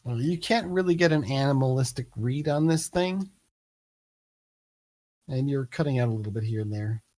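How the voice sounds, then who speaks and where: A man narrating a tabletop game as game master, relaxed and hesitant with many fillers. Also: mid-range voice, normal speed.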